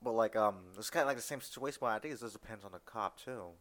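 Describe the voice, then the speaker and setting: A man's voice: fairly low pitch, fast, a bit bright. A man who is a former police officer, hosting a casual podcast interview in an easygoing conversational way.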